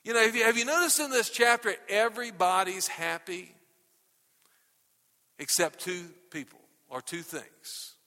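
A male pastor preaching a sermon to his congregation, animated and tagging "okay?" onto nearly every point. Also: high-pitched, unhurried, long reverb tail. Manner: animated, repeats "okay?" constantly. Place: church sanctuary. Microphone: microphone.

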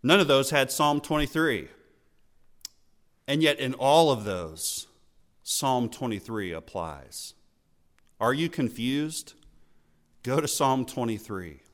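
A man preaching a sermon in an earnest, teaching tone, slowing down to stress key words and letting his phrases fall at the end. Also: medium pitch, sing-song, fairly bright tone. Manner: slow emphatic phrasing with falling line endings.

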